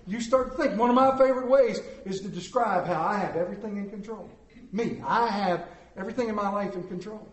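A middle-aged man preaching a sermon to a room, telling stories and acting out the voices in them. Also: high-pitched. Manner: storytelling, animated, acts out voices in anecdotes. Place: large room with audience. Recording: echoey room.

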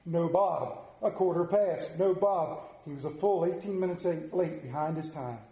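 High-voiced preacher in an echoey church. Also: male voice, moderate pace, mellow. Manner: earnest, rhythmic preaching cadence. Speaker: pastor. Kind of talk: sermon with story reading and prayer.

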